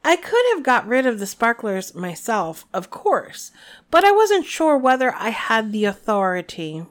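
A woman reading aloud, voicing a small, squeaky-voiced old male professor with mock-innocent politeness. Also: very animated, measured pace.

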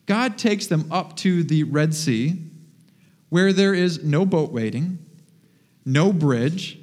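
Man, pastor, sermon, animated, joking, fairly high voice, long hall reverb. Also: slow. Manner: animated, humorous storytelling. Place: church.

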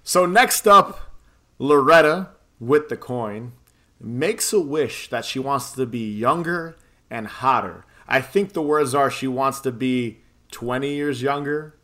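A man's voice: medium pitch, takes it slowly, bright, forceful tone. A man casually recapping a film plot on a podcast, rambling, swearing and laughing often. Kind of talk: casual chat.

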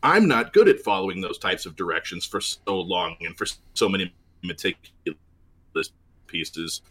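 Low-voiced man, earnest and halting. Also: big pitch swings, sharp tone, husky. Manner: earnest, complimentary, hesitant with many fillers. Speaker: podcast co-host. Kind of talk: casual chat. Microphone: remote call with dropouts.

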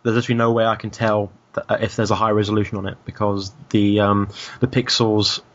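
A man's voice: on the low side, flat delivery, fast. A man from the UK co-hosting a casual podcast, rambling with lots of fillers and restarts. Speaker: podcast co-host. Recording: dull lo-fi podcast audio.

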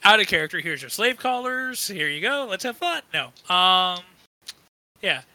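A man's voice: sits high, very animated, pushed and bright, no echo, low-quality recording. A man playing a tabletop role-playing game, joking around and filling in his group. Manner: joking, quick to laugh. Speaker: player. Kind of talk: tabletop role-play banter.

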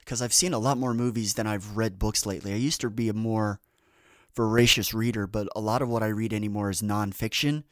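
A man with a lowish, fairly bright voice hosts a podcast in casual chat, rambling through tangents with lots of fillers and restarts. He talks fairly quickly with fairly even intonation, and the recording is dry and clean, studio quality.

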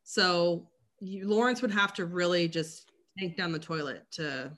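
A bright, crisp-sounding voice talks in a loose, casual chat. The speech is full of fillers and offhand swearing, in the tone of an easygoing co-host. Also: medium pitch, measured pace. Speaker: podcast co-host.

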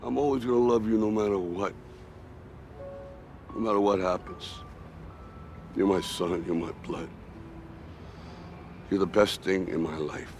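An actor playing an aging boxer who lectures his grown son in blunt street talk, shifting from loud push to hushed tenderness. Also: sits low, creaky. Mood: tender, quiet. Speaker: film clip.

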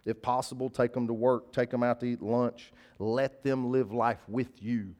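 Animated pastor preaching. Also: male voice, mid-range voice, moderate pace. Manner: animated, conversational preaching with emphatic repetition. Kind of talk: sermon with personal storytelling.

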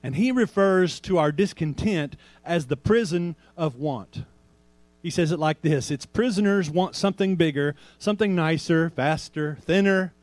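Male pastor, slightly high voice, casual sermon delivery with rhetorical questions, dry recording. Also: darkish tone, no room sound. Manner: conversational preaching with rhetorical questions; slows down to stress quoted scripture.

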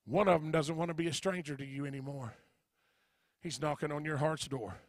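A man's voice: fairly high pitch, brisk, no echo. A middle-aged man, preaching an urgent revival sermon as an evangelist, pressing and repeating his calls to the congregation. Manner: urgent exhortation, shouting, repetitive calls.

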